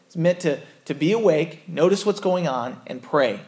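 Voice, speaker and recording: Guy preaching a sermon, kinda high voice, earnest, talks casual and keeps correcting himself. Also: expressive, moderate pace, darkish tone. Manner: earnest and conversational, with frequent self-corrections. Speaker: pastor.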